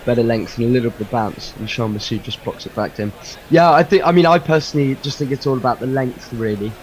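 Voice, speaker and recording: A man from England giving chatty, lively ball-by-ball cricket commentary. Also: mid-range voice, quick pace. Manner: chatty and lively, calling play.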